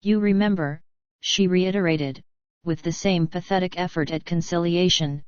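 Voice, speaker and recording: Smooth-voiced woman narrating an audiobook. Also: lowish voice, fairly even intonation, moderate pace, no echo. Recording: dull, dry recording.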